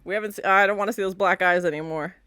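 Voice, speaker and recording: A woman hosting a reaction video. She comments in an animated, chatty way and often squeals and laughs. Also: mid-range voice, racing, music in the background. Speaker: host.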